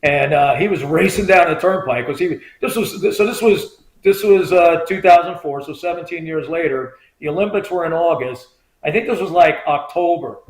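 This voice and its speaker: A man with a somewhat high voice tells a long story as a guest, animated and chatty, slipping into the voices of the people he quotes. The room gives his voice a noticeable echo. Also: normal speed. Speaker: guest, former state trooper. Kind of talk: casual storytelling interview.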